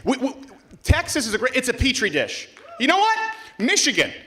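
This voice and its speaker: Brash high-voiced male show host. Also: huge pitch swings, brisk, bright, forceful tone. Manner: brash, mocking, jokey. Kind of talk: comedic political stand-up to a crowd. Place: live event before a student audience.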